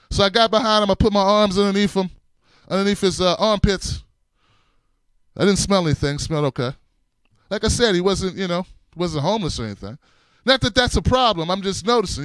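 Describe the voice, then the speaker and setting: Middle-aged male host, comic storyteller, high smooth voice, dead-dry room. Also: no echo. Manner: animated, laughs through his story, shifts between loud and hushed. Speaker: show host.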